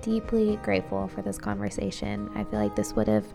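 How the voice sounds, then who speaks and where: A woman podcast host with a gravelly, fry-laced voice, signing off the episode with effusive gratitude. Her talk flows easily between thanks and requests to her audience, with music playing clearly underneath. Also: medium pitch, sing-song, a little fast. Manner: gushing, warm thanks with light laughs. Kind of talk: heartfelt outro monologue.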